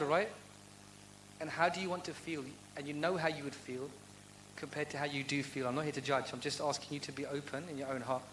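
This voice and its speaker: Earnest guy doing a devotional q&a talk, kinda high voice, faint hum behind. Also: a bit bright, poor audio. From United Kingdom. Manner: earnest, heartfelt, asks rhetorical questions. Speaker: guest speaker answering audience questions. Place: university lecture event.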